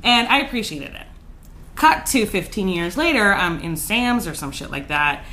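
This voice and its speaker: Bright-voiced woman telling animated stories. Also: medium pitch, moderate pace. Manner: animated, profane, laughs often. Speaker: podcast co-host. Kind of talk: casual chat, storytelling.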